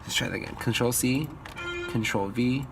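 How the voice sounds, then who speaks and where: A man's voice: mid-range voice, moderate pace, vocal fry. Upbeat man teaching music composition. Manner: upbeat, sings melodies in scat syllables. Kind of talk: screen-recorded composition tutorial.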